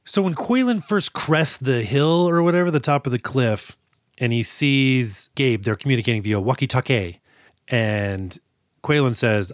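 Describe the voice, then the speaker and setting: A man's voice: medium pitch, animated, a little slow, no echo, clean studio sound. A man co-hosting a casual podcast, joking around and acting out movie lines. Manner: jokey, acts out movie quotes with laughs. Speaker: podcast co-host. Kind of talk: casual chat.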